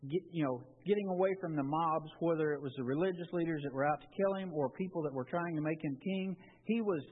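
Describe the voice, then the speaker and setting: A man's voice: fairly high pitch, breathy edge. A man preaching a sermon in a conversational way, often restarting his phrases. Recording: tinny, phone-like with long reverb.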